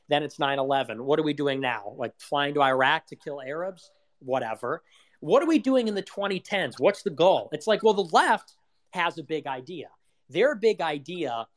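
A young man hosting an audio chat room, giving a rambling casual political monologue full of rhetorical questions and swearing. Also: on the high side.

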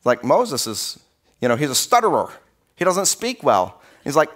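A man preaching a sermon as pastor in a church, in a conversational, animated storytelling way. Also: mid-range voice, normal speed. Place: church sanctuary.

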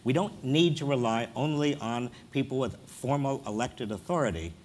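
Man, conference panelist, earnest and measured, frequent hesitations, medium pitch. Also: expressive, darkish tone. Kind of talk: panel discussion. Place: stage at a conference before an audience.

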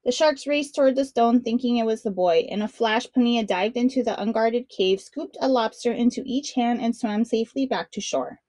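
A woman narrates a children's picture book in a friendly, expressive read-along voice. Her pitch sits in the middle for a woman. The recording is dry and close, with no room echo. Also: normal speed, few pauses. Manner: bright, friendly storytelling to children. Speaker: storybook reader.

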